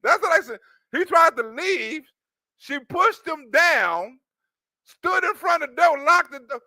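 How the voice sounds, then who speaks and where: High-voiced joking stream host, man. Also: expressive, measured pace, long pauses, dry recording. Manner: loud, joking, laughs often, repeats himself. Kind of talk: casual stream commentary.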